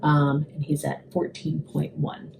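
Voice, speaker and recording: A woman clinician calmly explaining a child's head measurements to a parent. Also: deep voice, gravelly, background noise. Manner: calm, measured explaining with fillers.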